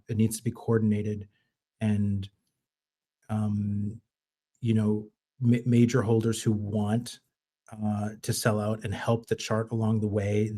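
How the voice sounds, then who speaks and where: A man speaking in a casual audio chat, explaining his plan in halting starts and repeated words. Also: lowish voice, warm tone.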